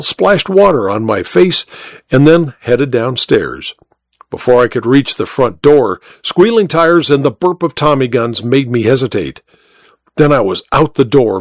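A man narrating a first-person noir tale as the host of a story show, hardboiled and measured. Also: medium pitch, dry recording, studio quality.

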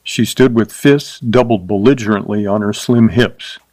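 A man narrating a short story in a measured, even reading voice. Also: fairly low pitch, no room sound.

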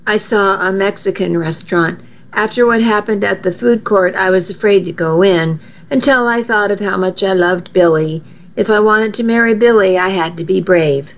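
A woman narrating a first-person story in an earnest, storytelling way, on a dull lo-fi recording. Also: medium pitch. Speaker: audiobook narrator.

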